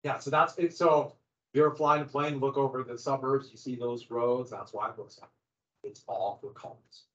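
A man's voice: medium pitch, fairly even intonation, moderate pace. A middle-aged man teaching a class in a conversational lecture style, with wry sarcastic asides. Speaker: high school history teacher. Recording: dull lo-fi classroom recording.

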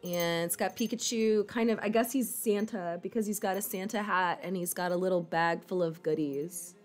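A woman's voice: on the low side, steady tone, normal speed, faint music behind. Rambling, casual woman chatting with viewers. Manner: rambling, fillers like "like", casual swearing. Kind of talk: casual chat.

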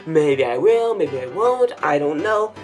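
A young man giving a casual movie review, excitable and ranting, with frequent stumbling restarts. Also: fairly high pitch, measured pace, faint music behind. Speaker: YouTube reviewer.

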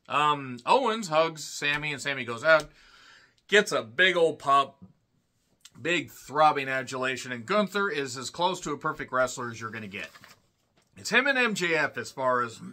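A man recaps a wrestling show in casual, irreverent talk, full of sarcastic asides and sudden loud outbursts. His voice is very bright and sits a little high. He clears his throat again and again as he goes. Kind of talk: casual solo review commentary.

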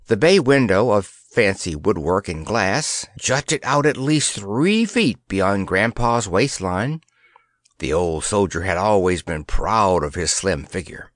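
Male storybook narrator; expressive, unhurried, animated delivery. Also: lowish voice, no room sound. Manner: expressive, measured. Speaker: audiobook narrator. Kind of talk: scripted audiobook narration.

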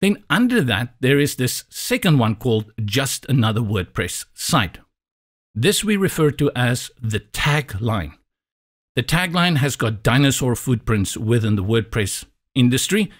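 South African man, native Afrikaans speaker, tutorial instructor, dry and a little sarcastic, patient step-by-step delivery, mid-pitched voice. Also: very animated, measured pace. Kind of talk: screen-recorded software tutorial.

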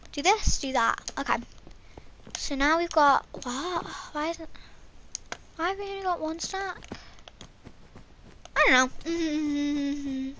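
A woman's voice: high voice, fairly bright tone, slight background noise. A young woman giving playful, casual commentary while she plays a game, humming and singing little repeated lines to herself. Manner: playful, sings and hums to herself. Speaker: gamer.

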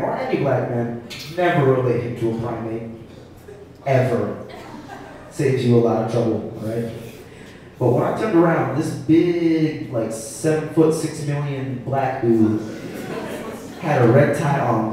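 A male stand-up comedian telling an animated, self-mocking story live at a comedy venue. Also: medium pitch, measured pace. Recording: echoey room heard from a distance.

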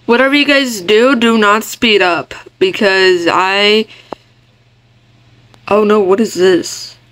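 A young woman giving casual commentary on her game, chatty and quick to get startled, talking to her viewers. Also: medium pitch, fairly bright tone. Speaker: gaming vlogger.

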